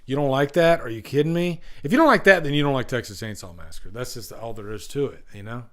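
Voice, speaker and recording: A man's voice: medium pitch, lively intonation, quick pace, fairly bright tone. A man hosting a live stream, talking casually and rambling with enthusiasm and many restarts. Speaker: host.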